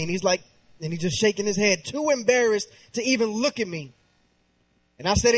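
A man in his thirties preaching a sermon with passion, dropping to a hushed tone when he tells a personal story. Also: sits high, normal speed, rough recording.

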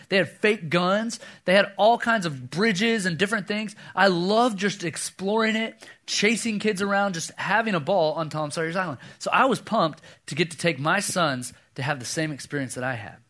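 A man in his thirties preaching a sermon, telling a personal story and acting out the voices in it. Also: high voice. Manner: animated storyteller, acts out voices, drops to a hush for quoted lines. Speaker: pastor.

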